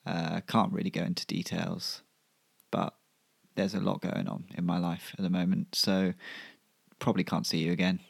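A flustered, stammering wife dodging an admirer, as a man puts her on in his own low, husky voice. She hesitates and trips over her words at a slow, dry, close delivery. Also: completely flat delivery, no room sound, full character voice. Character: flustered evasive woman, wife of a poet.

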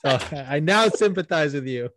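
A man's voice: fairly high pitch, lively intonation, normal speed, a bit bright, slight background noise. A man hosting a podcast in casual chat, rambling with lots of fillers, laughing often and swearing. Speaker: podcast host.

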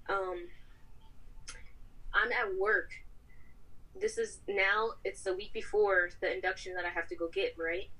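A woman's voice: mid-range voice, slightly rough, rough recording. A woman guest on a podcast, telling a personal story in casual talk and acting out the people she quotes. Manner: animated, acts out quoted voices.

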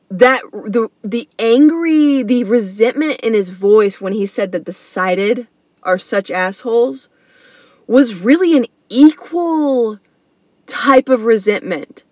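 A woman's voice: on the high side, animated, slow, darkish tone, no room sound. A woman hosting a comedy podcast, telling a story in a slangy, earnest, casual way. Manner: slangy and earnest, says bro and dude.

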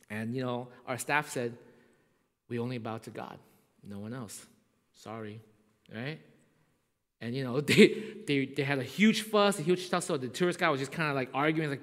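Male pastor, sermon storytelling, loud-to-hushed swings, slightly raised pitch, echoing hall. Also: fairly quick.

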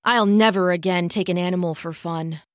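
A woman voicing a worn-out young man, croaking. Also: on the low side, fairly even intonation, moderate pace, no echo, clean studio sound, pitched below the performer's own voice, lightly acted. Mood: weary. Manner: weak, croaking, hushed. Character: exhausted young man, gentle horse owner.

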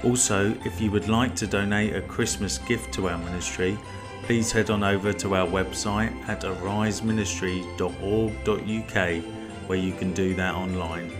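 Deep-voiced man announcing over music. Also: steady tone, normal speed. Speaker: podcast announcer. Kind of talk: scripted closing announcement.

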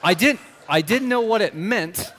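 A man tells a personal faith testimony with a lively voice that swings high and low, acting out his own words as he goes. He sits a little high in pitch, and his voice carries a long hall reverb. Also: unhurried, slight background noise. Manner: animated storytelling, acts out his own past lines. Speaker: guest speaker.

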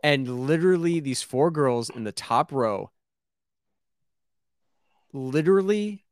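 A man's voice: on the high side, lively intonation, takes it slowly, dry recording, clean studio sound. A man co-hosting a casual podcast, talking hesitantly and self-effacingly, with many restarts. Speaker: podcast co-host. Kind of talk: casual chat.

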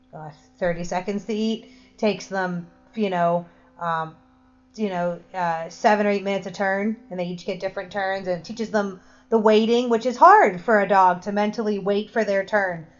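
A woman's voice: mid-range voice, fairly even intonation, normal speed. A woman co-hosting a podcast, chatting casually about training her dogs, rambling with restarts. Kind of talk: casual chat. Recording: dull lo-fi sound.

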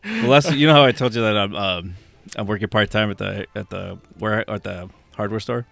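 Low-voiced man telling rowdy stories. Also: fairly quick, vocal fry, a bit bright, no echo. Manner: rambling, profane storytelling with laughs. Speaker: podcast co-host. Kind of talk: casual chat, reading odd news.

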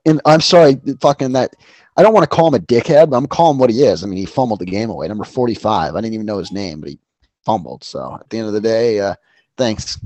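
A man's voice: fairly low pitch, fast, a little mellow, dry recording. A man co-hosting a casual sports betting chat, rambling and profane with lots of fillers. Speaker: podcast co-host.

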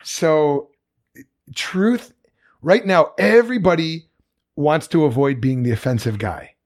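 A man's voice: fairly high pitch, slow pace. A man co-hosting a casual podcast chat, speaking earnestly and reflectively. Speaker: podcast co-host.

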